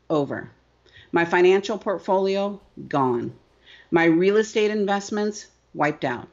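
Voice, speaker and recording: A middle-aged woman business coach telling her story emphatically in an interview, often asking "right?". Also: lowish voice. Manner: emphatic, repeats phrases, asks "right?" often. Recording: dull lo-fi sound.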